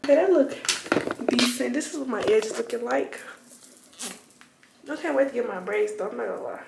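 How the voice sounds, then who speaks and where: Chatty teen girl, high voice, echoey room. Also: fairly quick, creaky, heavy background noise. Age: teens. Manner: chatty, rambling, addresses viewers as y'all. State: out of breath at times. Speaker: vlogger. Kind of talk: casual vlog talk to camera. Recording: roomy, somewhat distant phone audio.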